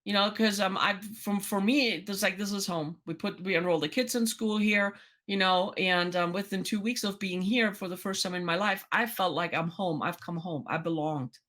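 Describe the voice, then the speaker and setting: A woman's voice: medium pitch, normal speed, few pauses, a bit bright. A woman co-hosting a podcast, telling a personal story in casual chat with lots of restarts and quoted dialogue. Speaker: podcast co-host.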